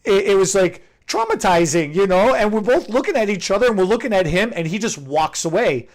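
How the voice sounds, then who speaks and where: A man co-hosting a casual chat, telling a story in an animated way with laughter. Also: sits high, fairly quick. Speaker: co-host.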